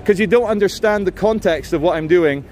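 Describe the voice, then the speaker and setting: A man's voice: high voice, a little fast, a little mellow. A man vlogging outdoors on city streets, giving joking running commentary and chatting with passersby.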